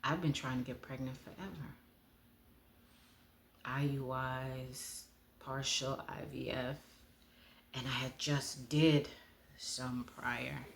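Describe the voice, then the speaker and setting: Slow, heartfelt woman's testimony. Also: rumbling low, fairly even intonation, gravelly, slight background noise. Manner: unhurried and heartfelt, often dropping to a hush. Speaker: speaker sharing her testimony. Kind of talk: personal testimony.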